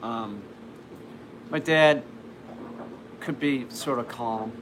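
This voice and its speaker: A man's voice: mid-range voice, very slow, fairly bright tone. A man casually telling a personal story, rambling with lots of restarts and fillers. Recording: noisy background ambience.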